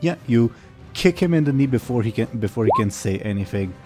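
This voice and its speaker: A man's voice: medium pitch, lively intonation, a little fast, a little mellow, husky, soft background music. A man narrating as game master of a tabletop game, casual and full of fillers. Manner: casual, with many fillers and laughs.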